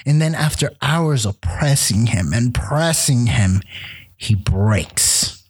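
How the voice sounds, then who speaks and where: A man telling a true crime story on a casual podcast, animated and acting out the quotes. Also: medium pitch, slow, breathy edge. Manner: animated retelling with acted quotes and casual swearing.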